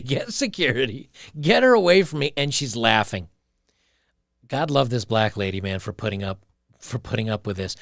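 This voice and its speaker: A man's voice: medium pitch, vocal fry, fairly bright tone, no room sound, studio quality. A man giving opinionated, ranting commentary on a livestream and reading chat messages aloud. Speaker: streamer reacting to clips.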